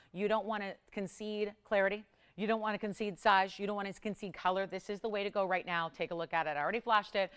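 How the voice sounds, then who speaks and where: A woman's voice: medium pitch, fairly bright tone, clear, resonant tone. A woman hosting a live TV jewelry shopping show, enthusiastic and repeating words for emphasis. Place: TV studio.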